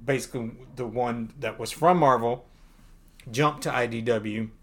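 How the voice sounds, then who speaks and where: Man, podcast co-host, easygoing chatty recap with laughs, mid-pitched voice. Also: fairly even intonation, moderate pace. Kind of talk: casual comic book discussion.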